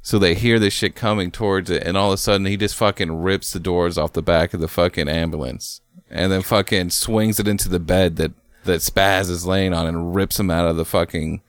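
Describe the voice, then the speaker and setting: Deep-voiced laid-back man brainstorming. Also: steady tone, a little fast, clean tone, no room sound. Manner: laid-back, swears casually. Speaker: co-writer. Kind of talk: casual story brainstorm.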